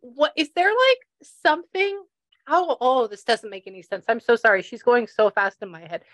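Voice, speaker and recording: A woman's voice: a little high, animated, moderate pace, a bit bright. A woman working as a psychic medium in a casual session, chatty and laughing as she passes on messages.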